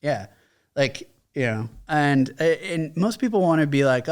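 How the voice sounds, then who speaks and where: An American man in his forties, a veteran guest telling stories in a casual interview, animated, acting out quotes with many fillers. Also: medium pitch, a little slow, clear, resonant tone. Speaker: podcast guest, combat veteran.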